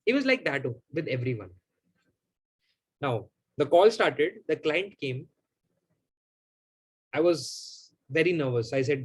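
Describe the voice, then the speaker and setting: A man, hosting a live Q&A and telling a personal story to his audience in an animated, emphatic, repetitive way. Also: a little high, takes it slowly, pauses often, slightly rough. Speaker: host of a live Q&A.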